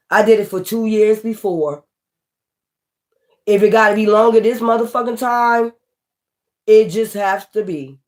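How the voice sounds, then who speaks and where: A woman tarot reader in a casual, scornful rant, blunt and profane, hammering her points home by repeating them. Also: medium pitch. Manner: repetitive, emphatic.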